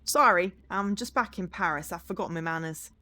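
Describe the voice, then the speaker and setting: A woman's voice: lowish voice, fairly quick, sharp tone. A woman voicing a charming, joking male spy who rides in a taxi, with a breezy, friendly way of talking.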